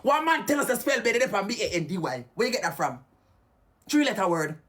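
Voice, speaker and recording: A woman's voice: mid-range voice, sing-song, brisk, a bit bright, husky. A Jamaican woman ranting heatedly and cursing on a live stream.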